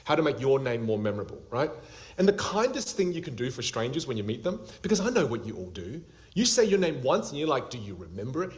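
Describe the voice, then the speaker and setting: A lively man coaching a class over a video call, his pitch swinging up and down as he acts out little scenes. The audio is dull and lo-fi, like a cheap call connection. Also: fast talker, few pauses, slight background noise. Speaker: public speaking coach. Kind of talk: interactive online class.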